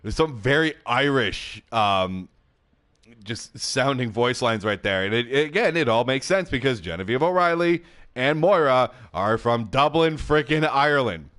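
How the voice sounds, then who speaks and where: A chatty man hosts a casual gaming commentary, speaking at a mid pitch into a headset mic. He sounds excitable and loose, with plenty of laughs and filler words. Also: a little slow. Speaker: gaming YouTube host.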